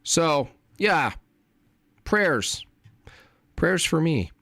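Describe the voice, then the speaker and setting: A man hosting a late-night livestream, ranting and rambling with heavy swearing and often trailing off into low mutters. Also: big pitch swings, drawn-out words, creaky, pushed and bright, no room sound, studio quality. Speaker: livestream host.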